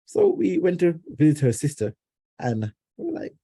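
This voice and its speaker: A man from Jamaica tells a family story to his club, his voice husky and very dark. His pitch swings widely as he acts out quotes, and he stumbles and restarts often. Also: wildly swooping pitch, moderate pace. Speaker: club member giving an icebreaker speech. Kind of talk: personal prepared speech. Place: club meeting room.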